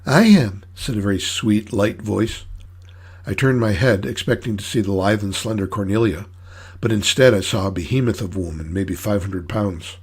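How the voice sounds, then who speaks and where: A man's voice: on the low side, normal speed, breathy edge. A man reading his own story aloud in dry, wry, hard-boiled first-person narration.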